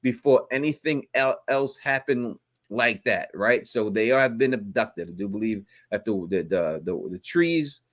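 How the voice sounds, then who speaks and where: A man's voice: mid-range voice, expressive, unhurried, fairly bright tone. Man, stream host, rambling explainer, frequent restarts. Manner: explaining at length, with many restarts. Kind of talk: live stream theory chat.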